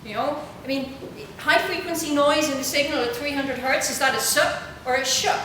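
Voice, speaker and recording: A middle-aged woman giving a humorous, self-mocking storytelling lecture as a university lecturer, lively and acting out quoted voices. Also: high voice, normal speed. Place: university auditorium. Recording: echoey auditorium with audible room noise.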